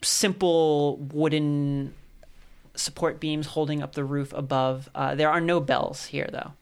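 A man narrating as game master of a tabletop game, describing scenes with loose, relaxed hesitations. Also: a little high, slow pace, vocal fry, smooth.

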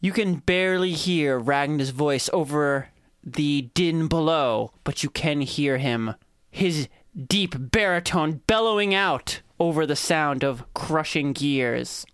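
A game master narrates a tabletop game with vivid, drawn-out description and calls on players for rolls. The voice sits at a middle pitch. It is recorded dry and close. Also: a bit bright, clean tone, no echo.

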